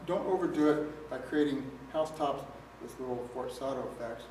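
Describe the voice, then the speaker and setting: A man's voice: mid-range voice, moderate pace, a little mellow, soft background music. A man teaching trombone, explaining articulation step by step in a methodical way. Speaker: trombone instructor. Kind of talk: music lesson demonstration. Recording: very echoey room, mic at a distance. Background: trombone playing.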